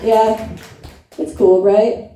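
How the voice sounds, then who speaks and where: A woman's voice: medium pitch, fairly even intonation, drawn-out words, dark tone. A woman in her thirties from upstate New York doing a brash, crude, self-mocking stand-up set in a comedy club. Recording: echoey room, mic from a distance.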